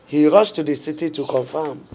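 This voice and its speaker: A woman's voice: low-pitched, normal speed, slight background noise, lightly acted. An actress with a Nigerian accent playing a worried middle-aged mother who soothes her daughter and scolds her husband. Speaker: mother and wife. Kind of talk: Nollywood film drama. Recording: dull film audio with music behind.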